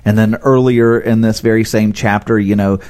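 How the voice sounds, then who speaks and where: A man co-hosting a podcast, explaining Bible stories in a relaxed, conversational way and laughing often. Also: lowish voice, moderate pace, clean tone. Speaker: podcast co-host. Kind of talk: casual Bible discussion.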